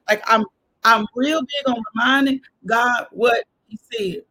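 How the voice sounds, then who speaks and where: Fervent husky woman preaching a devotional. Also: fairly high pitch, measured pace, rough recording. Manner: fervent, with loud whoops and spoken scripture. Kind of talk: devotional sermon.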